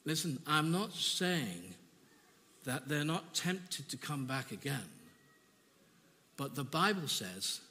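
A man preaching a sermon, telling his own testimony earnestly and emotionally, with halting repeats. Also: mid-range voice, very animated, bright, forceful tone, long reverb tail.

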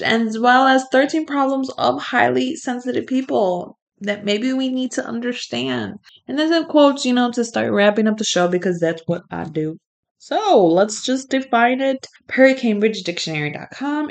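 Chatty laughing woman podcast host. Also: fairly low pitch. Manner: chatty and candid, laughing often between remarks. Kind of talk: casual solo podcast monologue.

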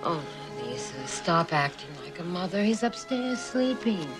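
A doting, fussy mother from a musical film, cooing over her family with a bouncy, lively pitch. Music sits clearly under her lines. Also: unhurried. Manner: gushing, cooing. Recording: film clip with music behind.

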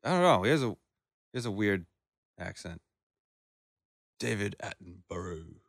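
A man's voice: lowish voice, very animated, measured pace, gravelly, dry recording, studio quality. A young man in casual chat, laid-back and rambling, swearing often.

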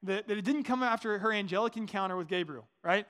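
A man's voice: high-pitched, fast talker, a bit bright. A man in his thirties preaching a sermon as a pastor, talking conversationally and asking the congregation questions.

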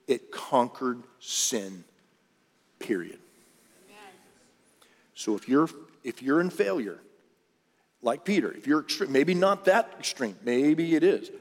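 Earnest preacher in a reverberant hall. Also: male voice, mid-range voice. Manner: conversational, earnest, with many restarts. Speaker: pastor. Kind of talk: sermon. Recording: long reverb of a large hall.

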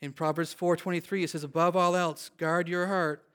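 A man preaches a sermon with a somewhat high-pitched voice. He builds emphasis and calls out to the people listening. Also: flat delivery, normal speed, a bit bright, clean tone. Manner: preaching with rising emphasis, calling out to the congregation. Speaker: pastor.

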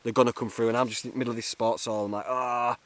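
A man's voice: medium pitch, flat delivery, very fast, no room sound. A young man, rambling jokily through a solo podcast from inside a tent, talking into a camera-mounted mic. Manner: jokey, chatty, self-mocking. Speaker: podcast host.

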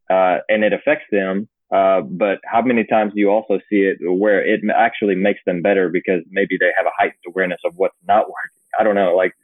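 A man's voice: fairly low pitch, no room sound. A male host asking a long, rambling follow-up question with fillers. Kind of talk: interview. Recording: dry tinny phone-like line.

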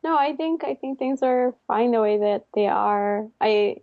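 A woman's voice: on the high side, measured pace, no echo, lo-fi sound. A young woman, a henna artist, chatting casually and laughing often as she retells what clients ask her. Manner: laughs often, quotes people in little asides. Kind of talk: casual chat.

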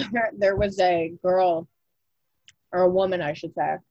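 Chatty young woman, lowish voice. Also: fairly even intonation, measured pace, darkish tone, no room sound, lo-fi sound. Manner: chatty, frequent "like" fillers, swears casually. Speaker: podcast co-host. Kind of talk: casual chat.

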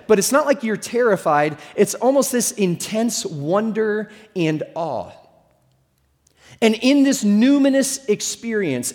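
Middle-aged pastor guy, kinda high voice, chatty funny sermon, long echo from the hall. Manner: conversational storytelling with humor.

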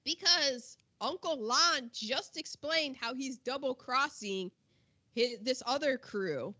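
A high, bright woman's voice that swoops up and down as she chats about a film. She tells the story in an animated, exclamatory way with slang. The recording sounds a bit dull and lo-fi. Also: slow pace, slightly rough. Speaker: podcast co-host. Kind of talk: casual film discussion.

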